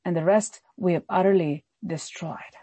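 A woman's voice: on the low side, steady tone, moderate pace, warm tone, husky, no echo, dull audio. A woman pastor preaching a sermon, emphatic and repetitive in her exhortations.

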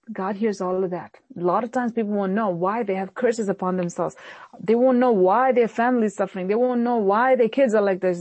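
A woman pastor preaches at a mid pitch in an earnest sermon style. She often sinks lower and quieter to press a point home. The sound is dry and close, with little room in it. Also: dry recording.

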